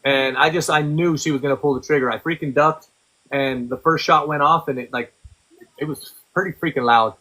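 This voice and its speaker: A man's voice: on the high side, fairly even intonation, normal speed, sharp tone, poor audio. A man guest on a podcast, bluntly and profanely recounting a personal story in casual conversation.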